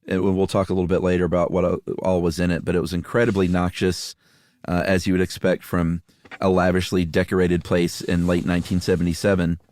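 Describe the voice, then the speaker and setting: A man co-hosting a podcast, explaining events in a steady, casual way with frequent "uh" fillers and dry asides. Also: deep voice, brisk, no echo. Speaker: podcast co-host. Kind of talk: casual conversational storytelling.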